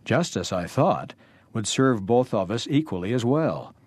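A man's voice: mid-range voice, lively intonation, measured pace, a little mellow, dry recording. A man voicing a pleading male debtor facing prison, read out plainly and earnestly. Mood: regretful.

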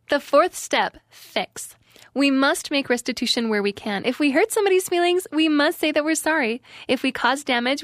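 A young woman speaks in a fairly high voice, earnest and emphatic as she gives an inspirational devotional talk to young listeners. The recording is close and dry, with no room sound around her. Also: no room sound.

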